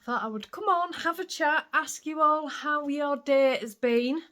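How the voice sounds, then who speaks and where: A woman's voice: sits high, a little slow, bright, forceful tone. A woman with a Yorkshire accent, chatting casually to camera in a home vlog and laughing often. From England. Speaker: vlogger. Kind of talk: casual chat.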